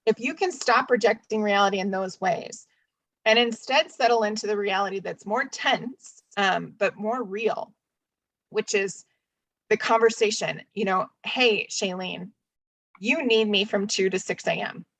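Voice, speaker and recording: A woman's voice: medium pitch, a little slow, a bit bright, poor audio. A woman therapist talking candidly in a casual webinar discussion, chatty and full of fillers. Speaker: DBT therapist.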